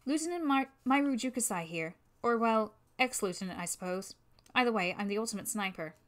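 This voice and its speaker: A polite, sheepish young ex-soldier girl in a fan-game story, read out by a woman. She speaks courteously, trailing off softly. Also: on the high side, expressive, brisk. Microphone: new microphone.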